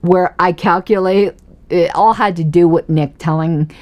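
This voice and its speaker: A woman's voice: fairly low pitch, fairly even intonation, a little slow, darkish tone. Chatty, laughing woman streamer. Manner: chatty, laughs often, self-mocking. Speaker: political commentary livestream host. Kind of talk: casual livestream commentary.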